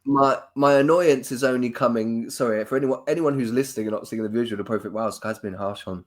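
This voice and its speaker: A man's voice: mid-range voice, fast. A man from London with a London accent co-hosting a casual sports chat, rambling through jokey rants. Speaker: podcast co-host.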